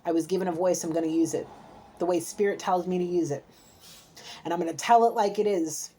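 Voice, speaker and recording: A woman's voice: on the low side, a little fast, dark tone, slight background noise. A woman giving a heated spiritual card reading, scolding emphatically and repeating herself as she rants. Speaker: intuitive card reader.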